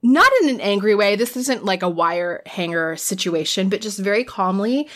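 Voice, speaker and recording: A woman's voice: medium pitch, animated, normal speed. A woman who is a parent of teenagers, chatting candidly and exasperated, laughing at herself now and then. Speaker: parent of teens. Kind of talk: casual chat.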